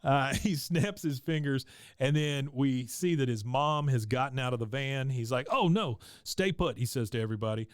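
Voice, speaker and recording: A man's voice: medium pitch, normal speed, clean tone, dry recording. Dry-voiced man casually recapping. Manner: laughs often, narrates scenes with quoted lines. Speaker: podcast co-host. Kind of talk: casual chat recapping an episode.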